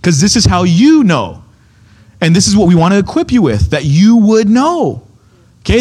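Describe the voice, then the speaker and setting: Man, preacher, fairly high voice, emphatic, repeats points, checks in with listeners. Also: sing-song, normal speed, darkish tone, breathy edge. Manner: emphatic, keeps checking in with "okay?"; repeats key points, restarts phrases. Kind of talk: conversational Bible teaching.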